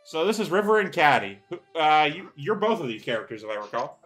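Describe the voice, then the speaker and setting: A man hosting a let's play in a rambling, swearing, laughing manner. His voice sits a little high and sounds bright and sharp. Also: big pitch swings, fast, soft background music. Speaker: host.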